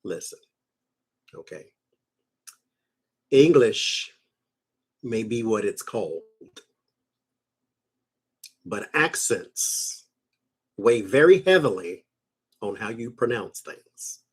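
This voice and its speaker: Slow husky man reading tarot cards. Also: on the low side, big pitch swings. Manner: slow, conversational, fussing asides and laughs. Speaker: tarot reader. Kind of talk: live tarot reading with rants.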